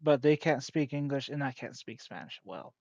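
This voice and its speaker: A man's voice: mid-range voice, expressive, normal speed, gravelly, a little mellow, dry recording. A man chatting casually and jokingly while playing a video game, rambling and laughing at his own jokes. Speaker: let's play host. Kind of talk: casual gaming commentary. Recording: dull lo-fi.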